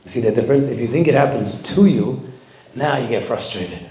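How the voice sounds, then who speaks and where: A man giving a sermon as a rabbi, telling the story with lively acted-out quotes and Hebrew terms. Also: mid-range voice, fairly quick. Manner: animated storytelling, acting out quoted voices; sprinkles Hebrew and Yiddish terms. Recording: echoey room.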